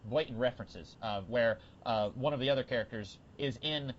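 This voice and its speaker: A man co-hosting a podcast, chatting casually about a TV episode with lots of fillers and bursts of excitement. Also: mid-range voice, brisk, highs cut off, slight background noise. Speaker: podcast co-host. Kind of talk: casual TV discussion.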